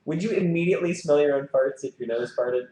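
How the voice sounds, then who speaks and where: A man's voice: on the high side, brisk, warm tone. A man co-hosting a casual live chat show, reading out would-you-rather questions and puzzling over them. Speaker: co-host. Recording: echoey room with faint background noise.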